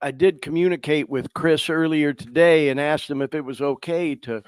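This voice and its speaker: A man's voice: a little high, moderate pace, smooth, no echo. A man hosting a live podcast, fighting back tears as he talks, swearing and calling his listeners y'all. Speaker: podcast host. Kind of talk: emotional live podcast talk.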